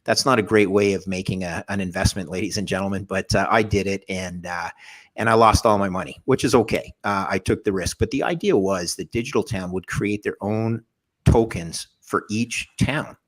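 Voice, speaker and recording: A man, a podcast guest, telling jokey anecdotes in a lively panel discussion, with a husky voice. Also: lowish voice, normal speed. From Canada. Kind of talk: animated storytelling in a panel discussion.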